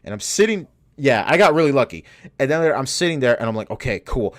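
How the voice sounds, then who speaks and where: A man's voice: mid-range voice, a little fast. Young male podcast co-host, casual and profane, gets heated while telling stories. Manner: animated, profane, gets worked up retelling. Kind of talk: casual storytelling chat.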